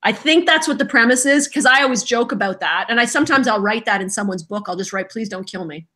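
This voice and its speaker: A woman voice actress as a podcast guest, telling lively anecdotes and often laughing. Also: on the high side, fast. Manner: animated, laughing often, acts out quoted voices. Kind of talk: casual podcast interview, storytelling.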